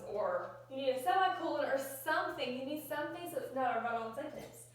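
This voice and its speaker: High-voiced woman teacher in an echoey room. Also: lively intonation, quick pace, hardly any pauses. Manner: patient, explains step by step, asks questions. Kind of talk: classroom grammar lesson. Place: classroom. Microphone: phone recording from across the room. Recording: echoey room, distant phone mic.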